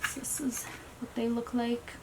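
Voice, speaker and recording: A woman chatting casually through a beauty box unboxing, talking fast and trailing off, still recovering from a migraine in a small stuffy room. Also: a little high, flat delivery, noisy background. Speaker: beauty vlogger.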